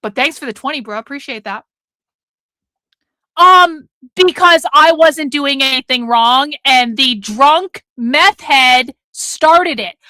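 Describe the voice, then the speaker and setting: A woman's voice: high-pitched, lively intonation, slow pace, bright, forceful tone, no room sound. A woman hosting a livestream, reacting to a clip with sarcastic, profane and mocking commentary.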